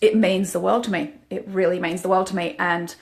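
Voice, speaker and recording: A woman's voice: lowish voice, steady tone, a little fast, gravelly. A woman, a life coach, talking frankly and emotionally to viewers in a motivational live-stream monologue.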